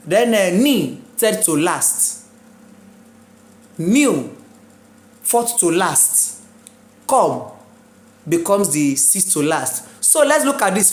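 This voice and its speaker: A woman teaching an exam prep lesson, drilling words slowly, spelling them out letter by letter and checking in with her students. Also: medium pitch. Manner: checks in with listeners often. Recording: echoey room.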